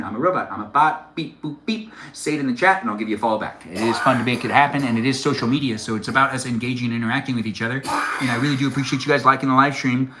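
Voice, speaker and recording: A man's voice: mid-range voice, echoey room, background noise. A man hosting a casual live stream while cooking in his home kitchen, rambling and chatting with viewers as he reads their comments aloud.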